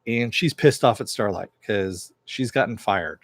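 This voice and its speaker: A man's voice: lowish voice, a little slow, dry recording. A man giving a casual episode recap as a reviewer, retelling the plot with lots of fillers. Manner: rambling retelling full of fillers.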